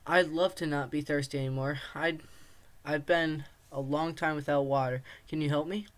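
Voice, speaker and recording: A man's voice: a little high, steady tone, moderate pace, natural voice. A man reading aloud, voicing a thirsty, bewildered man lost in the desert who keeps asking confused questions. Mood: pleading.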